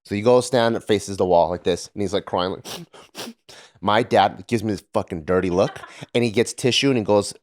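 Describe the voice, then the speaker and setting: A man's voice: lowish voice, moderate pace. A man on a podcast telling a family story in casual chat, swearing freely and acting out the people in it. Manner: animated storyteller, swears freely, acts out his dad. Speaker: podcast co-host.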